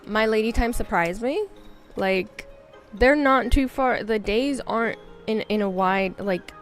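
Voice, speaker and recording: A woman's voice: fairly high pitch, measured pace, faint music behind. Chatty woman streamer, rambling. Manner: rambling, candid and self-mocking. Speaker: game streamer. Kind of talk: casual chat while gaming.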